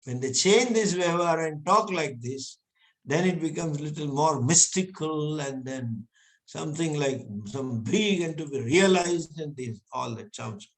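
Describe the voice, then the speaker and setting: A man gives a scripture lecture in a fairly high voice. He speaks slowly and patiently and breaks into small chuckles often. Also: animated. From India. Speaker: Vedanta teacher.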